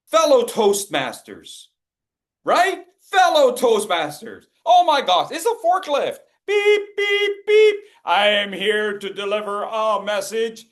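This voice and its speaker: A man's voice: high voice, very animated, takes it slowly, fairly bright tone, full character voice. A man voicing a stiff, beeping forklift that speaks like a robot delivering a message. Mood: mock-pompous.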